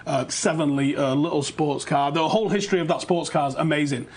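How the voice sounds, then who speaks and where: A man with a high voice chats casually as a podcast co-host. He swears freely and often breaks off mid-sentence to start again. A faint hiss sits under the recording. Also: fairly quick. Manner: chatty, swears freely, trails off and restarts. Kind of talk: casual chat.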